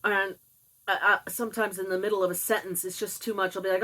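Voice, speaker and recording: An older woman telling a personal story in a casual, candid way, with animated asides and laughs. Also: mid-range voice, fast, rough recording. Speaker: vlogger sharing personal experience.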